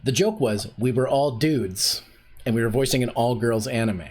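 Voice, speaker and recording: A Canadian man with a mid-range, slightly mellow voice teaches voice acting in a casual stream workshop at normal speed. His delivery is rambling and loose, packed with filler words such as "like" and "um."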